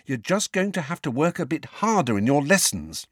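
A man reading an audiobook, voicing a clever, bossy teenage schoolgirl with a sharp, insistent manner. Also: fairly high pitch, big pitch swings, normal speed, breathy edge, dry recording, clean studio sound, pitched above the performer's own voice.

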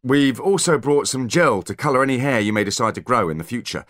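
A man voicing an eager, nervous male centaur technician who explains things hurriedly in a raised, lively voice. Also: mid-range voice, fairly quick, dry recording, studio quality, voice pushed up, close to an everyday voice. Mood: eager explaining.

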